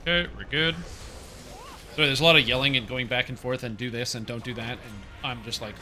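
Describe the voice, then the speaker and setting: Rambling, excitable man streaming a game. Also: medium pitch, fairly quick, soft background music. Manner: rambling, excitable, swears, talks with teammates. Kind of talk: casual live-stream gaming chat.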